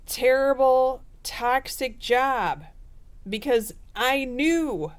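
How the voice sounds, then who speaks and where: A woman's voice: sits high, extremely slow, pitched above the performer's own voice. A woman voicing an exasperated sibling who scolds a brother or sister in an emphatic told-you-so way. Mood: smug scolding.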